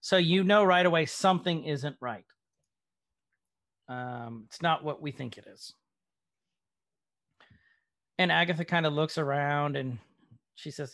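A man talks through a show episode in a loose, rambling way, with lots of ums and asides. His voice sits a little high. The sound is dry and close, with no room echo. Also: moderate pace, a bit bright. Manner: chatty, rambling with many ums. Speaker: podcast host. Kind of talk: casual recap chat.

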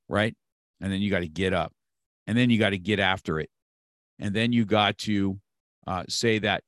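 A man's voice: on the low side, normal speed, a bit bright, dry recording, clean studio sound. A man around sixty from California, a martial arts instructor talking as a guest, emphatic and repeating key phrases to motivate. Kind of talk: motivational conversation.

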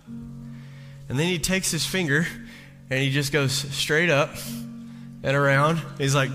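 A man in his thirties preaching a sermon as pastor, slow and emphatic, building to loud peaks. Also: a little high. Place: church sanctuary. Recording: long reverb of a large hall. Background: soft instrumental music.

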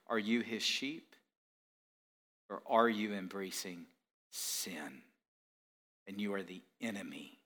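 Middle-aged guy preaching, slow and drawn out, goes from quiet to shouting, keeps asking the crowd questions. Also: on the low side. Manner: dramatic swings from hushed to shouted; rhetorical questions to the congregation. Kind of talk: sermon.

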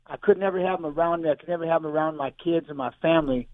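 Fast-talking man on a tinny phone line. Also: on the high side, dry recording. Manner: rambling, repeats himself, emotional. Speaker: guest fighter. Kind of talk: emotional personal storytelling on live radio.

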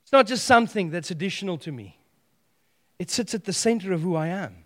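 High-voiced male preacher, lively and playful. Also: fairly quick, in a large hall. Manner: animated storytelling with playful humor. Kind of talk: sermon.

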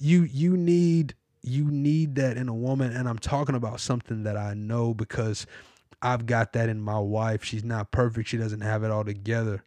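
A man's voice: mid-range voice, steady tone, normal speed, no echo. A man hosting a biblical podcast, giving emphatic, repetitive advice straight to his listeners like a sermon. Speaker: podcast host. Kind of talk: preachy advice monologue.

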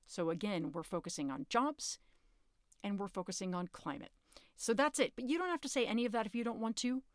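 A woman hosting a podcast, talking casually and earnestly to her listeners, informal and urgent, sometimes cursing, her pitch jumping up when she presses a point. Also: dry recording, clean studio sound. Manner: informal, occasionally curses. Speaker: podcast host. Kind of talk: casual advocacy talk.

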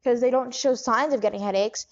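High-voiced woman hosting an improv interview. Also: a little fast, dull audio. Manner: probing, incredulous questions. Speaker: interviewer host.

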